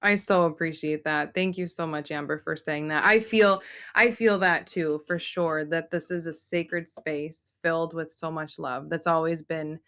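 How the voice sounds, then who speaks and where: A woman leads a spiritual group chat over a video call. She talks in an earnest, flowing, reflective way. Her voice sits a little low, yet it comes out bright and forceful. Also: fairly even intonation, a little slow. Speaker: host and channeler.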